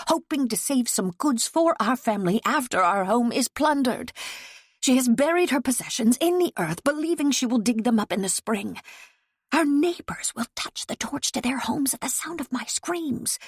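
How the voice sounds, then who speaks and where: Woman voicing a breathy, pleading young maiden. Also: fairly high pitch, dry recording, clean studio sound, voice pushed up.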